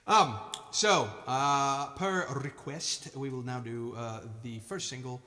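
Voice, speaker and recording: A man's voice: medium pitch, takes it slowly, sharp tone, in a large hall. A man musician chatting casually on his live stream, playful and rambling, tripping over his words.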